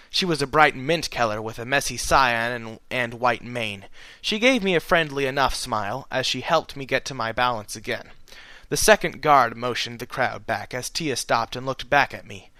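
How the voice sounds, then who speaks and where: A man reading a fan fiction audiobook aloud in the first person, with an expressive, animated delivery. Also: mid-range voice, no echo. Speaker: narrator.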